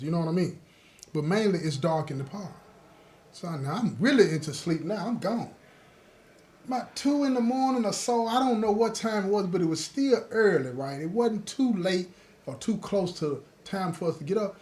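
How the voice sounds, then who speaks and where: A man with a fairly high voice tells a story from his own life in a loose, conversational way. He talks straight to his listeners and keeps checking that they follow him. He brings the other people in his story to life as he goes. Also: lively intonation, normal speed, a little mellow. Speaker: host telling his own prison stories. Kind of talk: casual spoken storytelling.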